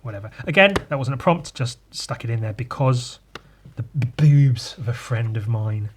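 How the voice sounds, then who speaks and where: A man's voice: medium pitch, normal speed, noisy background. A man hosting a podcast in casual chat, joking crudely and rambling as he talks. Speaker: host.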